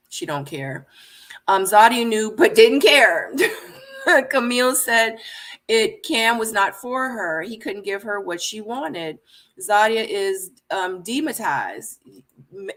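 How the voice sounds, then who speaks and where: A woman's voice: medium pitch, a bit bright. A woman hosting a casual reality-show recap, talking emphatically and repeating her points as she rants. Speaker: host.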